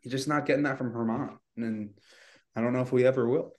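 Fairly quick and steady, his medium-pitched voice dark in tone, a man co-hosts a sports podcast. The casual sports talk comes out rambling and exasperated, full of "you know."

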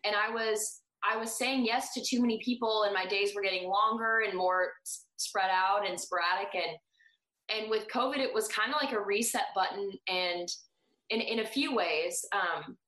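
A woman's voice: mid-range voice, normal speed, sharp tone, echoey room, poor audio. A woman speaking as a guest in a casual podcast chat, rambling and often restarting her sentences. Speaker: personal trainer guest.

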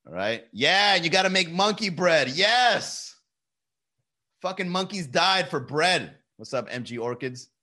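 A man's voice: on the high side, very animated, a little slow, sharp tone. A young man chatting casually on a live stream, telling loose, profane stories and laughing often.

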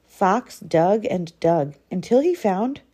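A woman reading a children's picture book aloud in an expressive storytelling manner. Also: medium pitch, slow pace, husky. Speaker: storybook reader.

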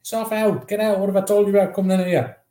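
A man voicing an angry hotel worker chasing off kids, in a shrill scolding tone. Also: fairly even intonation, fast talker, mellow, roomy sound, lightly acted.

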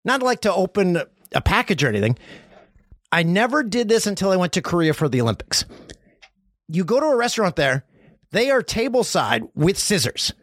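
A Canadian man hosts a podcast, his high voice moving a little fast through a casual comedic monologue. He tells rambling, jokey stories with lively swings, captured in a dry, studio-quality recording.

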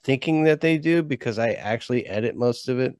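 A man's voice: medium pitch, brisk, a little mellow, no room sound, clean studio sound. A man co-hosting a casual podcast, loose and giggly, with lots of fillers. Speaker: co-host and editor. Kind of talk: casual live-stream chat.

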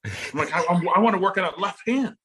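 A man in his forties from Illinois, a guest telling casual stories about his daughter's recruiting, acting out quotes with sudden jumps in pitch. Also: lively intonation, fast talker, fairly bright tone, a little hiss or hum. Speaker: guest, parent of a volleyball recruit. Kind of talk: casual storytelling.

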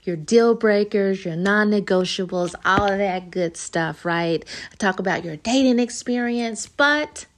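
Gravelly-voiced woman hosting a casual podcast. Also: mid-range voice, unhurried, hardly any pauses. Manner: conversational, animated, acts out little scenes. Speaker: podcast host. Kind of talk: casual podcast monologue giving dating advice.

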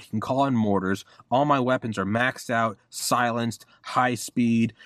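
A man in his thirties, a podcast host, telling stories in a casual, rambling, profane way that turns loud and excited. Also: mid-range voice, no room sound, clean studio sound. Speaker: podcast host being interviewed. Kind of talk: casual interview storytelling.

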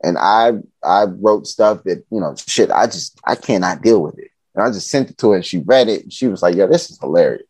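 A Chicago man with a lowish, slightly rough voice talks fairly quickly with few pauses, recorded without echo. Guesting on a podcast, he tells loose, somewhat profane stories, animatedly acting out what others said.

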